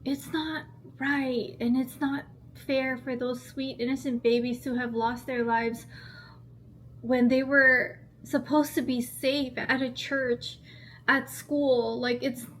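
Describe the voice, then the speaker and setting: A woman's voice: sits high, level tone, slow pace, a bit bright. A woman in her thirties vlogging at home in a rambling, earnest casual chat. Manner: rambling, earnest, heavy use of "like".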